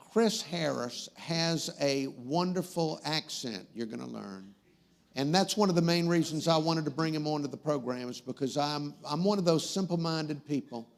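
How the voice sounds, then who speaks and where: A man's voice: on the high side, vocal fry. A man hosting a comedic talk show, rambling and wisecracking as he gets sidetracked.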